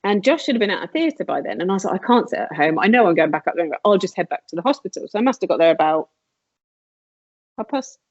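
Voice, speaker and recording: A woman with a fairly low voice tells a personal story as a podcast guest, lifting her voice to act out what people said. The recording is dull and lo-fi, with a dry, close sound. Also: very animated, fast, a little mellow, slightly rough, dry recording. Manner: earnest, re-enacts dialogue in a raised voice.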